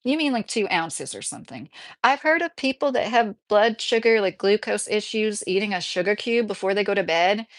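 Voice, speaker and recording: A woman's voice: mid-range voice, animated, moderate pace. A woman in her late thirties hosting a casual livestream from home, chatting and reading viewer comments aloud, often breaking into laughter. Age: 30s. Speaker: livestream host reading chat. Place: mobile home indoors.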